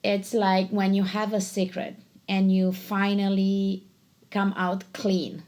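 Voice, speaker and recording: A woman hosting an interview, attentive and gentle, offering soft affirmations and reflecting on her guest's story. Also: medium pitch, completely flat delivery, slow pace. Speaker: interview host. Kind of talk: interview chat.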